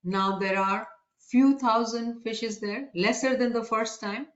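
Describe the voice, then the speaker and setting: A woman preacher tells a sacred story with an animated, questioning manner and a fairly high voice. The recording is echoey and dull, with lo-fi sound. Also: unhurried. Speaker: religious preacher. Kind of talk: sermon storytelling.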